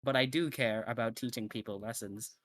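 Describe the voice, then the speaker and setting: A man's voice: medium pitch, fairly quick, fairly bright tone, dry recording. A man playing a tabletop role-playing game, speaking bluntly for his character. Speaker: player.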